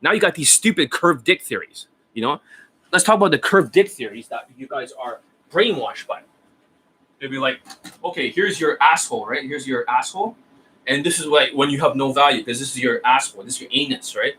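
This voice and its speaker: A man's voice: mid-range voice, brisk, bright, forceful tone, slight background noise, rough recording. A man coaching dating skills in a profane, scornful rant, insulting his listeners and checking "right?" and "you see that?" again and again. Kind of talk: ranting coaching monologue.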